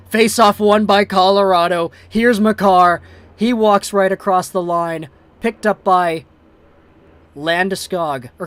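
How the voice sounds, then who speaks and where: An amateur livestream host calling a hockey game play by play, excitable and breathless. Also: mid-range voice, no echo.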